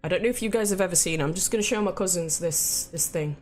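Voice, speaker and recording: A woman's voice: lowish voice, fast talker, a little mellow, faint music behind. A young woman chatting casually to her live-stream viewers, swearing freely and laughing easily. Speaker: game streamer.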